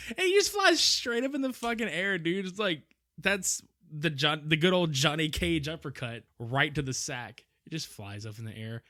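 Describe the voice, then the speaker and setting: A man co-hosting a podcast, recapping a film in casual chat, animated, laughing often and swearing casually. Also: fairly high pitch, no echo, clean studio sound. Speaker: podcast co-host.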